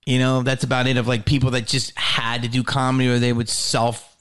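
A middle-aged man hosting a podcast, telling a profane, animated story in casual chat and acting out the quoted lines. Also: mid-range voice, brisk, clear, resonant tone. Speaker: podcast host.

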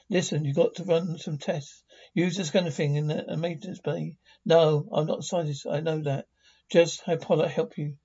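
Male amateur reader, somewhat high, husky, stumbling delivery; muffled lo-fi recording. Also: warm tone. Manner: stumbling over words, reading sound cues aloud. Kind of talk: amateur read-along of a TV episode. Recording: dull lo-fi recording.

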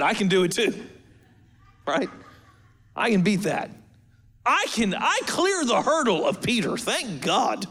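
Guy pastor with a high voice, preaching casual and funny, talks right to the crowd. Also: fairly bright tone. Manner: humorous, conversational preaching with asides to the congregation. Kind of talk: sermon.

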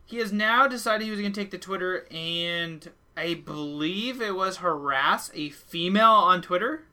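A man's voice: high-pitched, normal speed, sharp tone. A man co-hosting a casual podcast, brash and profane in a joking way. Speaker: podcast co-host.

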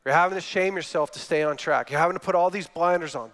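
A man's voice: on the high side, quick pace, hardly any pauses, fairly bright tone. Man preaching in a reverberant hall. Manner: storytelling with acted-out quotes. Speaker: guest speaker. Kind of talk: sermon.

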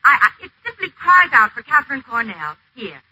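A brisk, no-nonsense secretary. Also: female voice, high voice, big pitch swings, pushed and bright, full character voice, low-quality recording. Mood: firm. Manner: firm, crisp, no-nonsense. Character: brisk, level-headed young secretary in love. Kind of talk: 1940s radio acting.

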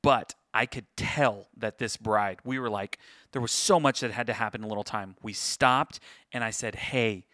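Man, podcast co-host, casual chat, bright tone, dry sound. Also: on the low side, normal speed, no room sound. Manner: chatty, storytelling, says "dude". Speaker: podcast co-host, wedding photographer.

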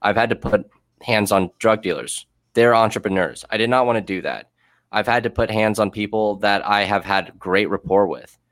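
A man's voice: on the low side, normal speed, a bit bright, no room sound, studio quality. A man who worked as a prison guard, telling blunt, profane stories in a casual podcast chat that turn heated.

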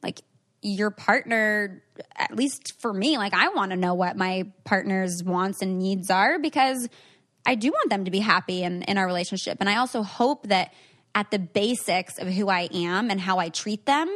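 Young woman podcast host, casual chat, thinks out loud, lots of "like". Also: medium pitch, moderate pace. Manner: reflective, says "like" often.

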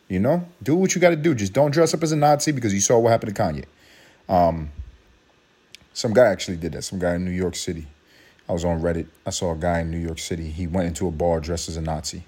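A man in his thirties hosting a casual solo podcast, rambling and profane, with sudden high mocking outbursts. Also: fairly quick, long pauses, mellow, husky. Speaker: podcast host.

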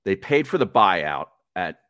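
A man hosting a sports talk show, laid-back and quick to agree. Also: low voice, sing-song, fairly bright tone, dry recording, studio quality. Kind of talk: casual sports radio chat.

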